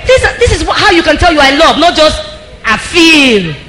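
A woman preacher giving a lively sermon, calling out to the congregation and laughing often. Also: high-pitched, normal speed, echoey room, background noise. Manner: lively, laughing, calls out to the crowd. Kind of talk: sermon on marriage.

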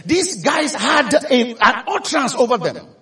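A man with a Nigerian accent preaching a sermon, telling stories with animation and rising to shouts for emphasis. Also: extremely high pitch, very animated, a little slow. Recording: echoey hall from a distance.

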